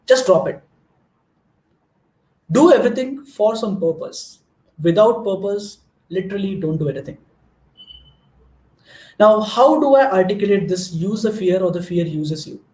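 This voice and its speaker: Speaking to students as a guest, a Marathi-speaking man from Maharashtra with an Indian accent offers an earnest motivational talk, telling small stories and often restarting sentences. His high, slightly mellow voice moves at a measured pace with frequent pauses, in a reverberant space.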